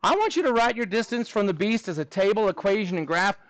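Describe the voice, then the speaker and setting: A man's voice: high-pitched, lively intonation, fast, poor audio. A man teaching a math class, upbeat and encouraging as he walks students through a problem. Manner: upbeat, encouraging, playful monster voices.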